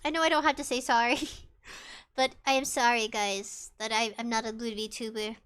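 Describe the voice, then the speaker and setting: A young woman VTuber from the Southern US, chatting casually and rambling on her live stream. Her voice sits high and sounds bright. She reads her viewers' messages aloud as she talks. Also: steady tone, normal speed, clean tone. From Southern United States.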